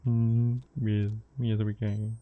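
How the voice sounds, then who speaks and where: A man's voice: fairly low pitch, flat delivery, slow pace, phone-quality sound, a little hiss or hum. A man streaming a horror game, joking playfully with his chat as he plays. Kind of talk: live gameplay commentary.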